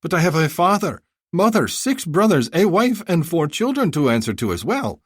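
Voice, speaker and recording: A flattering, effusive bazaar vendor, voiced by a man narrating a thriller audiobook, pitched well above his own voice and swinging up and down as he haggles. The sound is close and dry. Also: moderate pace, slightly rough, no room sound. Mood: wheedling. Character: fawning chatty male bazaar vendor.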